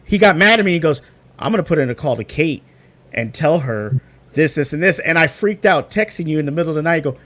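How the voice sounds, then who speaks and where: A man in a casual video call chat, telling a story with lively acted-out quotes. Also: on the high side, quick pace. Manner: animated storyteller, acts out quotes.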